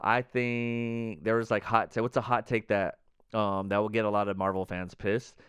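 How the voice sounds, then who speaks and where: A young man co-hosting a podcast, talking casually and excitedly with lots of fillers and rambling. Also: on the low side, normal speed, smooth, dry recording, clean studio sound. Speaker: podcast co-host. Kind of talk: casual chat.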